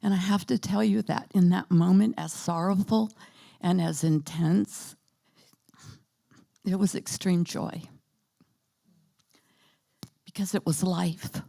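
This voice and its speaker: A woman in her fifties or sixties giving a personal testimony at a church, halting and soft-spoken, with many pauses and fillers. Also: fairly low pitch, fairly even intonation, gravelly. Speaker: church panel speaker.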